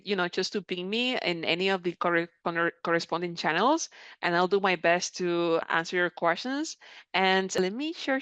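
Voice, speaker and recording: Woman with a smooth, dry voice. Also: medium pitch, no echo. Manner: conversational and encouraging, reads viewer comments aloud. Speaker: creator program mentor presenting a live session. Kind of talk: live software tutorial, answering chat questions. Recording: slightly dull, dry audio.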